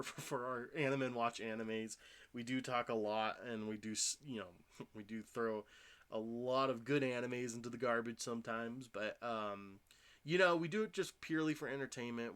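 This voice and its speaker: A man's voice: mid-range voice, steady tone, moderate pace, fairly bright tone, clean tone. A man in his thirties hosting a casual solo podcast from home, tired from little sleep and talking in a loose, rambling way full of fillers and restarts. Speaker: podcast host. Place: home room.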